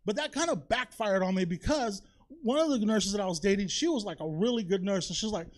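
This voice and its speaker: High-pitched guy doing stand-up, chatty and confessional, lots of "you know? right?", stage mic. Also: lively intonation, quick pace. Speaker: stand-up comedian. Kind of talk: stand-up set. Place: comedy theater stage.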